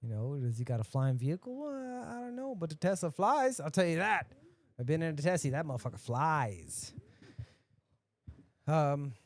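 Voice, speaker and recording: A man's voice: on the high side, sing-song, normal speed. Profane ranting man. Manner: profane, ranting, swings between mutters and outbursts. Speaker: podcast host. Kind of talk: casual podcast rant.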